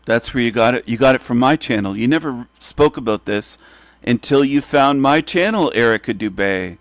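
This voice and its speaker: A man's voice: medium pitch, animated, moderate pace, no room sound. A man hosting a reaction channel, talking in a scornful, profane way and repeating his jabs. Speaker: channel host. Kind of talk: reaction commentary.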